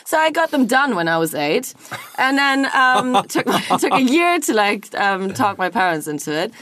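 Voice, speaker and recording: Chatty woman with a lively, bouncing voice. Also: fairly high pitch, moderate pace, slight background noise. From Germany. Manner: chatty, teasing. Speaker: guest. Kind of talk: casual chat.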